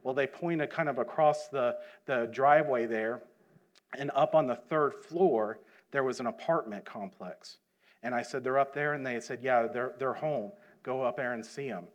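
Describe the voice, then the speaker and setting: A man's voice: mid-range voice, normal speed, dull audio. A middle-aged man, a missionary preacher, telling a story from the field in a folksy way and building to emphatic preaching in a church. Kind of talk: sermon with personal story. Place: church sanctuary.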